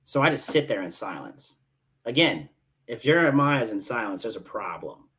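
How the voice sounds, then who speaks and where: Animated man telling a story. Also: lowish voice, moderate pace, slightly rough. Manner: animated, swears casually, acts out dialogue. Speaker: podcast guest, Marine staff sergeant. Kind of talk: casual storytelling chat.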